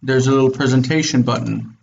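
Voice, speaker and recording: A man's voice: mid-range voice, fairly even intonation, a little fast, vocal fry. Guy teaching over a video call, keeps asking okay?, kinda muffled audio, faint hiss. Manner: explains step by step, checks in with "okay?". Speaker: Biblical Hebrew teacher. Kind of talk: online class lecture.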